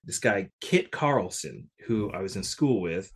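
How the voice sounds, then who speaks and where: A man's voice: on the low side, a little slow, husky. A man, a guest musician, telling a story in an interview and acting out the voices of the people in it. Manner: animated, acts out quoted dialogue.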